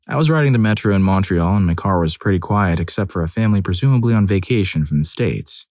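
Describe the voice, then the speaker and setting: Low-voiced man narrating stories, dry sound. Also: a little mellow, dry recording. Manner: reads listener stories aloud, acting out quoted lines. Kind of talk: scripted story narration.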